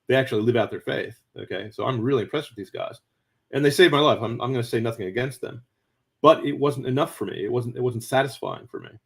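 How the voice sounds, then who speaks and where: With a slightly rough voice, the guest author recounts stories during a conversational interview, restarting with stammers and chuckling quickly. When quoting others, he bursts into a high, excited pitch, keeping things animated.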